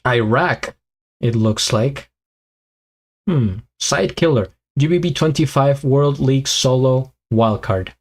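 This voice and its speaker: Hosting a live reaction stream, a man talks at medium pitch and a slow pace, casually chatting with his viewers. His speech wanders, packed with fillers and restarts as he thinks aloud, while his voice grows tired and weaker over time.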